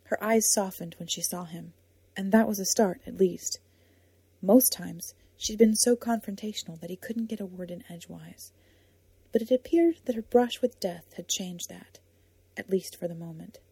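Very breathy, dark-voiced woman narrator. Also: medium pitch, no room sound. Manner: soft, measured storytelling. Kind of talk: audiobook narration.

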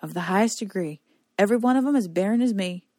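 A woman's voice: mid-range voice, fast talker, a little mellow, no echo, studio quality, lightly acted. A woman voicing a wry, blunt young woman fighter nursing a wound, in an audiobook reading.

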